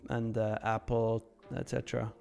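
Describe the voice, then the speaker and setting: A man's voice: lowish voice, completely flat delivery, moderate pace, creaky, darkish tone, faint music behind. Chatty man hosting a live trading stream. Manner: chatty, reads viewer questions aloud and answers. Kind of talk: casual live market commentary.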